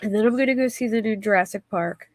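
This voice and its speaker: A woman with a medium-pitched voice hosts a casual livestream, talking fast and rambling as she reads viewer comments aloud. There's no echo on the recording.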